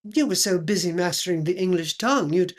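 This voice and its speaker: A woman's voice: lowish voice, a little fast, natural voice. A woman playing a pompous aristocratic lady who hosts a chat show, affected and drawling, dropping French phrases. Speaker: host.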